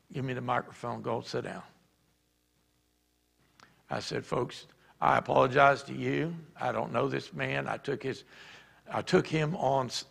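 A man preaching a sermon, telling stories and acting out shouted quotes. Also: medium pitch, creaky, husky. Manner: animated, acts out shouted quotes. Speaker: pastor. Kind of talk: sermon storytelling. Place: church. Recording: church hall reverb.

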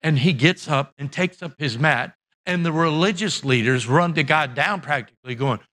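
High, bright-voiced preaching man. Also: normal speed. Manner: impassioned preaching, shouting at peaks; acts out Bible characters' voices. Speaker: pastor. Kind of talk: sermon. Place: church sanctuary.

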